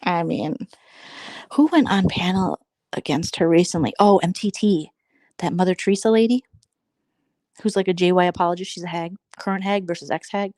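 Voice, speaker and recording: A woman's voice: lowish voice, steady tone, moderate pace, pauses often, darkish tone, dry recording. A woman hosting a casual livestream chat, gossiping sarcastically and slipping into imitations. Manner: gossipy, sarcastic, slips into mimicry. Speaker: host.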